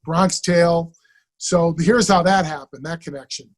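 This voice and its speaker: A man, an actor guest on an interview, telling stories in an animated, casual way and acting out the dialogue. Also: a little high, measured pace. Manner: animated, acts out quoted dialogue.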